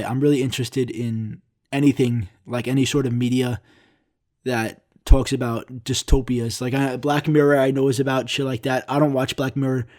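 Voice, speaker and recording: Young guy ranting solo on his podcast, rambly and sweary, pokes fun at himself, middle-pitched voice. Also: darkish tone. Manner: rambling, profane, self-mocking. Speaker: podcast host. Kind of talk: casual solo rant.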